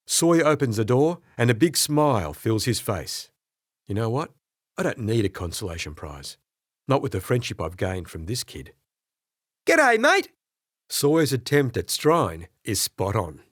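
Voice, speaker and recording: Expressive male audiobook narrator. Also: mid-range voice, no echo, clean studio sound. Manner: expressive storytelling with character voices. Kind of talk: first-person audiobook narration.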